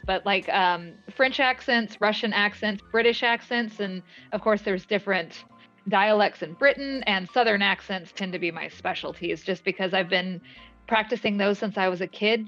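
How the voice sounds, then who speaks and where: A woman's voice: mid-range voice, normal speed, fairly bright tone. A woman voice actor talks casually in an interview, rambling with many fillers and short laughs. Her voice sits mid-range. The audio is slightly dull, with faint music underneath. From moved often, mainly Alaska. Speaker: voice actress guest.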